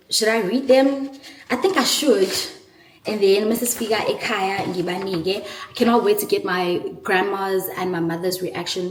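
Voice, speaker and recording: Excitable South African woman, echoey room. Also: medium pitch. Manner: excitable and emotional, often laughing. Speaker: vlogger. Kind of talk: casual vlog, switching between English and isiZulu. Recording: echoey room, far from the mic.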